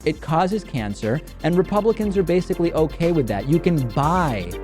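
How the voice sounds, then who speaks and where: A man hosting a political talk show, asking brisk conversational questions and restarting sentences as he goes. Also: fairly high pitch, big pitch swings, over music. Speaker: show host.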